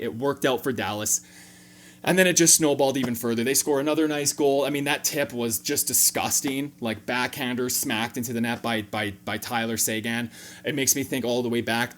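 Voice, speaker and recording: Casual and joking, a mid-range-voiced man breaks down a game in his sports fan reaction video, occasionally springing into sudden animated moments.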